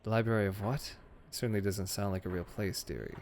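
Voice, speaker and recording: A man voicing a prim, evasive middle-aged woman librarian who talks in a hushed, patronizing way. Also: on the low side, steady tone, fast, slight background noise, natural voice. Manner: hushed, patronizing, calls people dearie.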